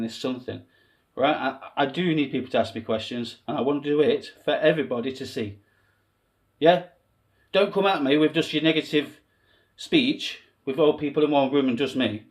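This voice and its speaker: A man talking straight to camera in a rambling, emotional monologue, swearing freely and swinging between quiet musing and impassioned appeals. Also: fairly high pitch. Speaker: self-styled candidate vlogger.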